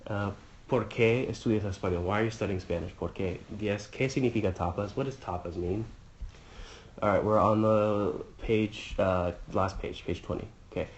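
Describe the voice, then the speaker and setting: A man with a fairly low voice talks through a review lesson, pausing with fillers and translating phrase by phrase. The recording carries a faint background hiss. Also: fairly even intonation, lo-fi sound. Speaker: Spanish teacher or tutor. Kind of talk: casual exam-review walkthrough.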